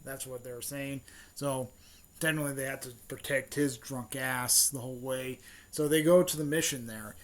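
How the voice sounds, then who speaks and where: A man's voice: medium pitch, fairly even intonation, normal speed. A man retelling a story in a casual, rambling way, full of fillers, restarts and offhand swearing. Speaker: fan channel host.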